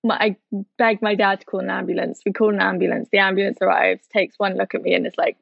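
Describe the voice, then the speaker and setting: A chatty woman tells a story as a podcast guest, rambling and poking fun at herself. Her voice sits at an ordinary pitch. It comes through a dull, lo-fi line with a dry sound. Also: little pitch movement, quick pace, gravelly, no room sound. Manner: chatty, self-deprecating, rambling. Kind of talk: casual conversational storytelling.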